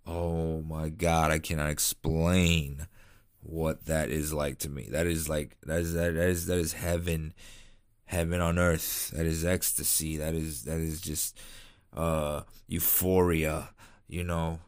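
A man's voice: rumbling low, little pitch movement, measured pace. A man chatting casually on his vlog, laid-back and rambling, tired and yawning late at night. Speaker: cigar vlogger. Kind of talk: casual chat.

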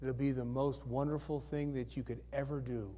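A man's voice: medium pitch, little pitch movement, normal speed, dark tone, slight background noise. A male pastor leading an altar call, coaxing people to come forward with repeated questions. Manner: coaxing, repetitive, calls for hands again and again. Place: church sanctuary. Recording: church hall reverb.

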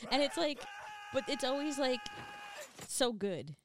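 A woman's voice: sits high, very animated, noisy background. Giggly upbeat woman co-host. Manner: upbeat, giggly, talks in quick bursts. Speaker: podcast co-host. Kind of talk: casual chat.

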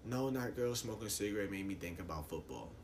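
A man's voice: on the low side, lively intonation, fast talker, a little hiss or hum. A young man, hosting a casual solo podcast and ranting in a loose, profane, rambling way. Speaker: podcast host.

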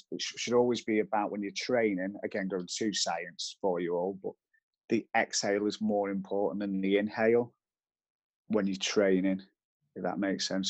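A man speaks in a fairly low voice. He talks as a fitness trainer, laying out simple rules one step at a time in a relaxed chat. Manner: explains step by step with practical rules. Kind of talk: casual podcast chat.

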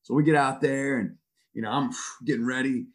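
A man in his thirties, a football coach on a podcast, telling stories in a profane, self-mocking, animated way. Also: mid-range voice, moderate pace. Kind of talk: casual storytelling chat.

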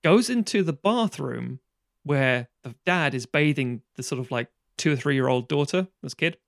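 A man chatting casually on a podcast, retelling a film plot in a lively, sweary way and acting out the characters' lines. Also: mid-range voice, moderate pace, gravelly, dry recording, studio quality.

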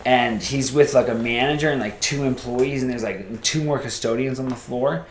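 A man telling a casual story as a podcast guest, rambling and animated, acting out the voices of people he quotes. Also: medium pitch, normal speed, reverberant, slight background noise.

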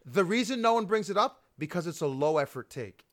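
A man co-hosting a wrestling podcast in casual chat, restarting sentences and rushing when mocking. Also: high-pitched, lively intonation, fairly bright tone. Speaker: podcast co-host.

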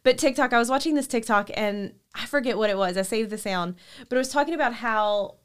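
A woman's voice: a little high, a little fast, slight background noise. A woman hosting a podcast, chatting enthusiastically and filling her talk with "like". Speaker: podcast host. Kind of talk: casual chat.

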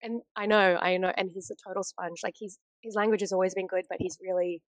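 A woman's voice: mid-range voice, fairly even intonation, fast, no room sound. A woman with an Australian accent, co-hosting a casual podcast over a video call, telling stories with many fillers. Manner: chatty storyteller, many fillers and restarts. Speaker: podcast co-host. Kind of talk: casual chat.

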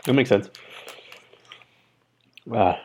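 Easygoing low-voiced podcast man. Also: very slow, a little hiss or hum. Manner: easygoing, lots of fillers. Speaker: podcast co-host. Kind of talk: casual chat.

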